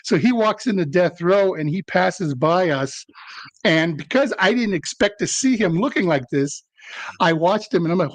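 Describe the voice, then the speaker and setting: A middle-aged actor talking as an interview guest, telling rambling, self-deprecating stories. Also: male voice, high voice, expressive, moderate pace, dry recording. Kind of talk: casual interview storytelling.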